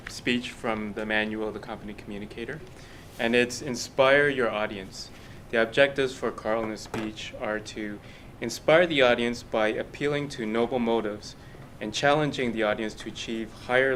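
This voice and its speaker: A man's voice: medium pitch, fairly bright tone, a little hiss or hum. A man introducing the next speaker at a club meeting. He reads out the objectives politely and methodically, with small slips. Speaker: speech evaluator.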